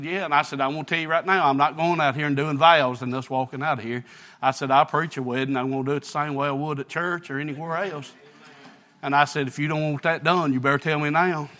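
A man, preaching a sermon, telling a folksy story that builds into shouted preaching. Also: on the high side. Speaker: pastor.

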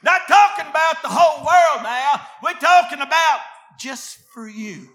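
Male preacher, fiery sermon, high bright tone, slow deliberate delivery with shouted peaks. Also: expressive. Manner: swings from low murmured scripture reading to shouted exhortation.

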